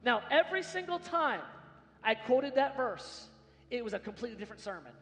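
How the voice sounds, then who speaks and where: A man preaching a sermon as pastor, swinging from hushed lines to shouted emphasis in a large church hall. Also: very high voice, very animated, fairly quick. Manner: dramatic swings from soft to shouting. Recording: long hall reverb.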